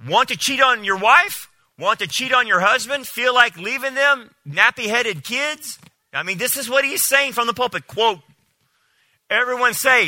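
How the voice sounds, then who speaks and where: Animated bright-voiced male preacher. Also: sits high, no room sound. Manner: animated, incredulous, mocking quoted speech. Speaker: pastor. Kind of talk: sermon.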